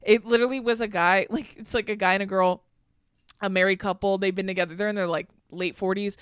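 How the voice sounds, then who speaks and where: A young woman co-hosting a podcast in casual chat, animated and swearing a lot as she acts out what people said. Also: mid-range voice, fast talker, clean tone, no echo, studio quality. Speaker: podcast co-host.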